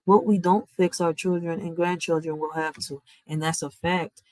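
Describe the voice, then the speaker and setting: A woman's voice: fairly low pitch, steady tone, normal speed, darkish tone, no room sound, low-quality recording. A woman, hosting a livestream from home in an impassioned, preachy rant, swearing freely. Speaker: livestream host.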